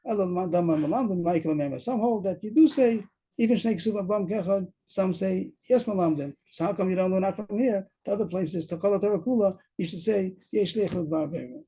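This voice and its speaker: A man's voice: sits high, fairly quick, dark tone, slightly rough, low-quality recording. A man teaching a Talmud lesson over a video call, explaining step by step and repeating himself as he goes. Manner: explains step by step, repeats words, mixes Aramaic terms. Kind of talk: daf yomi Talmud lesson.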